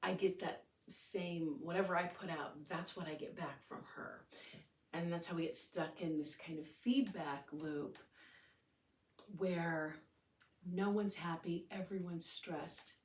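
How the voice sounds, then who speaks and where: A woman's voice: on the low side, steady tone, slow, roomy sound, far from the mic. A woman in her thirties hosting a podcast, talking candidly and rambling in a casual way, swearing now and then. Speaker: podcast host. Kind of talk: casual solo podcast talk.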